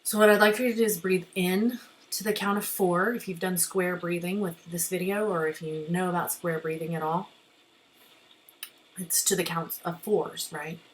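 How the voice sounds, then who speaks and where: A woman therapist guiding a breathing exercise in a gentle, reassuring way, often checking in with listeners. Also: fairly low pitch, steady tone, moderate pace, low-quality recording. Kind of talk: guided therapy lesson.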